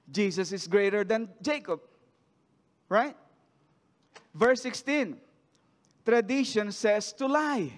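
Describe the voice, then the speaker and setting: A man preaching a sermon, reading scripture aloud and then asking the congregation questions about it. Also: sits high. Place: church sanctuary. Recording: long church hall reverb.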